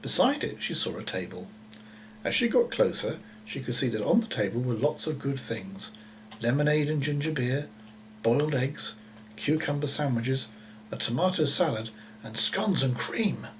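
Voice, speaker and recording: A man reading a children's story aloud in a gentle, unhurried way, with occasional small slips. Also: mid-range voice, sing-song, slight background noise, poor audio.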